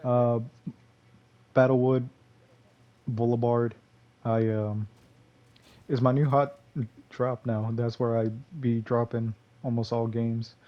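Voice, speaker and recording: A man's voice: mid-range voice, little pitch movement, takes it slowly, muffled recording. A young man from Texas commentating on his own gameplay in a rambling, loose way, full of fillers and curses. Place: home gaming room.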